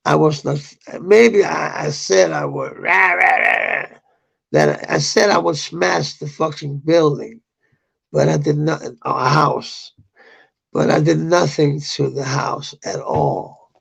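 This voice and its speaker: A man's voice: a little high, slow pace, creaky, slightly rough. A middle-aged man telling a personal story in a rambling, profane way, with bitter outbursts.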